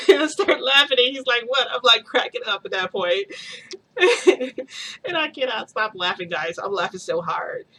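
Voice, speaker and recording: A woman's voice: on the high side, lively intonation, normal speed, sharp tone, slightly rough. A woman vlogger telling a story to her viewers in a chatty, gushing way, often giggling and calling them "guys".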